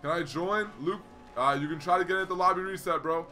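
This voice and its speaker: A man's voice: high voice, quick pace, pushed and bright, faint music behind. A young man hosting a casual gaming livestream, chatting freely, greeting viewers and reading their messages aloud. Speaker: livestream host.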